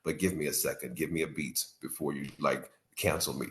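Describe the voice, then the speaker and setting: A man's voice: extremely low pitch, fairly even intonation, fairly quick, fairly bright tone. A man in his fifties, a podcast guest, talking bluntly and sarcastically with plenty of swearing. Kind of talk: casual podcast chat.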